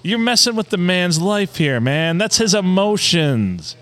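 A man's voice: sits high, big pitch swings, unhurried, fairly bright tone. A man hosting a podcast, joking around in a mock-dramatic, casual way. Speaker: podcast host. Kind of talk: casual banter.

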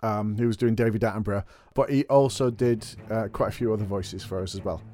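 A man's voice: on the low side, fast, dark tone. A male podcast producer with a Northern English accent, chatting casually in a hesitant, giggly way.

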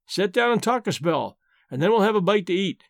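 A man's voice: sits high, expressive, a little fast, creaky, no room sound, studio quality. A man reading a wistful frontier woman chief. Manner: plain folksy frontier speech. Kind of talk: audiobook reading.

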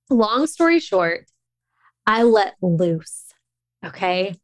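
A woman's voice: medium pitch, expressive, a little slow, a little mellow, no room sound. Candid woman in her thirties, rambling story. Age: 30s. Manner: candid, emotional, many fillers and restarts. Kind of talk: casual personal storytelling.

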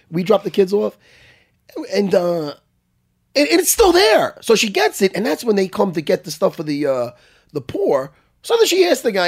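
A middle-aged man with a husky, slightly rough voice tells a story in loose, profane casual chat. As he gets worked up, his pitch swings widely.

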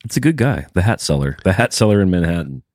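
Male co-host, very low voice, dry wit, thoughtful asides. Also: big pitch swings, fast talker, darkish tone, dry recording. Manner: reflective, wry, asks musing questions. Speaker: podcast co-host. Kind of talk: casual chat.

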